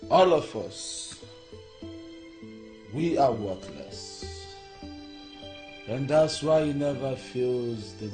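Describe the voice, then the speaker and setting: A man's voice: low voice, roomy sound. A despairing young man. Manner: anguished, repeats himself, voice swells loud. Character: despairing young man, grieving brother, suicidal. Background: background music.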